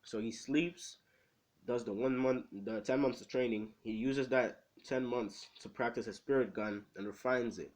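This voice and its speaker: A man's voice: medium pitch, unhurried, darkish tone. A man casually telling a fan story, rambling and swearing with lots of filler. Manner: rambling, profane, lots of "you know".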